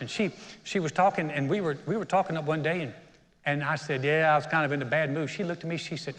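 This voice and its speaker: A man's voice: a little high, fairly even intonation, fast, fairly bright tone, long reverb tail. A middle-aged man, the senior pastor, preaching a sermon in a conversational, storytelling way with self-deprecating humor. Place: church auditorium.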